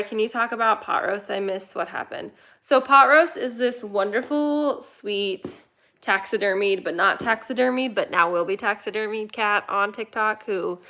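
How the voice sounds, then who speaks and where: A young woman hosts a casual kitten rescue livestream, chatting in a rambling way, reading viewer comments, and talking to her cats. Her voice is medium in pitch with a sharp tone.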